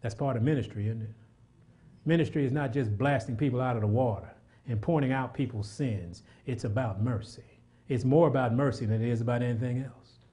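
A man preaching a sermon, moving between loud, fervent exhortation and quiet, prayerful passages, repeating words as he builds up. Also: medium pitch, fairly quick. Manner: repeats words when worked up.

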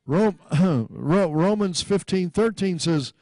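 A man preaching with a notably high voice, taking his time between phrases. He laughs out loud often and has the listeners repeat after him, restarting words as he reads scripture. The sound is close and dry, with no room around it. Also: expressive, takes it slowly, dry recording. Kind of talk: sermon.

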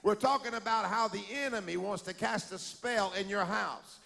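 A man preaching a sermon, animated and calling out to the congregation for a response. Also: sits high, normal speed, creaky. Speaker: pastor. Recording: long hall reverb.

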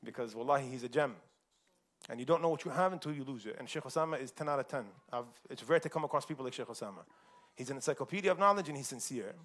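A man's voice: mid-range voice, expressive, very fast, a bit bright. A man from the United States telling a personal story in a casual, chatty way at a community forum, laughing often.

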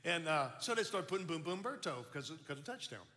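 Older man telling his story, bright. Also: fairly high pitch, quick pace. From Baton Rouge, Louisiana. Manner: animated, folksy, repeats words in restarts. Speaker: speaker giving testimony. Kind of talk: storytelling testimony. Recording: long hall reverb.

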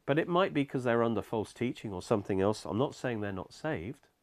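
A man's voice: medium pitch, expressive, fairly quick, no room sound. A man preaching a sermon, explaining scripture step by step in an earnest, emphatic way.

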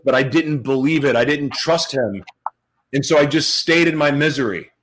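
A man giving a personal testimony speech to an audience, earnest and emotional, repeating phrases for emphasis and dropping to a hush at tender moments. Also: medium pitch, poor audio. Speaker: motivational speaker sharing his life story.

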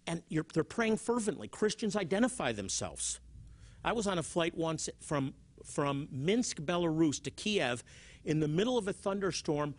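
Animated male Bible teacher, lively pitch. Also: moderate pace. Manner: animated, repeats words, acts out examples. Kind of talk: televised teaching with stories.

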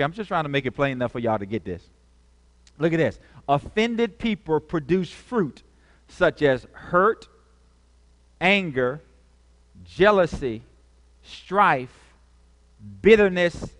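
A man's voice: on the high side, animated, takes it slowly, pauses often, fairly bright tone. Preacher man in a reverberant hall. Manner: call-and-response preaching, repeats key phrases. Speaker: pastor. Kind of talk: sermon.

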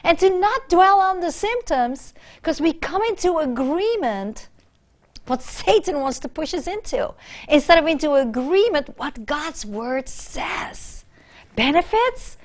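A woman preaching a sermon with fervent, emphatic repetition, dropping soft and then rising loud. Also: sits high, sing-song, measured pace.

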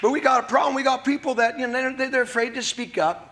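A man's voice: fast, few pauses, fairly bright tone. A man preaching a sermon at a church service, emphatic and fiery, repeating words as he gets worked up. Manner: fiery, emphatic preaching with sudden high bursts. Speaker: pastor.

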